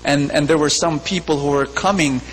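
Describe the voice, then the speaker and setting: A man's voice: a little high, normal speed, fairly bright tone. A man preaching a sermon in a large church, repeating phrases, questioning his listeners and telling a fable. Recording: long church reverb, faint hum.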